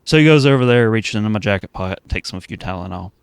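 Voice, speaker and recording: A young man co-hosting a podcast, telling a prank story in casual chat, dry at first, then shouting and laughing. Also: on the low side, rapid-fire, gravelly, clean tone, no echo. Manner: deadpan storyteller who breaks into shouts and laughter. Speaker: podcast co-host.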